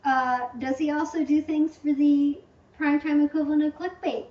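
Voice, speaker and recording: Woman livestream host, chatty and rambling, fond of hyperbole; distant mic, dull boomy sound. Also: level tone, normal speed, a little mellow. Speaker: channel host answering viewer questions. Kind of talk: casual livestream Q&A. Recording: echoey room, distant muffled mic.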